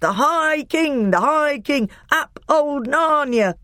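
A woman voicing a gruff, loyal male dwarf who cheers slowly and loudly in a storybook reading. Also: mid-range voice, animated, no room sound, clean studio sound, voice pushed up. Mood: jubilant.

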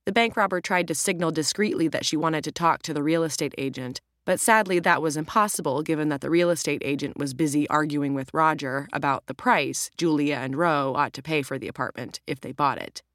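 Measured female audiobook narrator, dry sound. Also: deep voice, a bit bright, dry recording. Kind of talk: scripted narration.

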